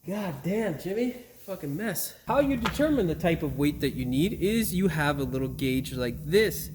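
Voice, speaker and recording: Guy with a high voice doing a diy car tutorial, swears a lot when stuff goes wrong, faint compressor noise. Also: lively intonation, moderate pace. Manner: upbeat, keeps calling viewers "boys and girls"; curses freely when things go wrong. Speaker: host of a car repair channel. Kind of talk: casual how-to tutorial with outtakes. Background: neighbor's air compressor.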